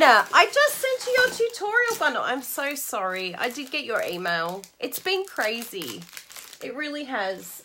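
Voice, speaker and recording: A woman's voice: high voice, sharp tone, slight background noise. A woman from Australia with an Australian accent, chatting casually and bubbly to live-stream viewers about crafting, laughing often. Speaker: stamping and craft demonstrator.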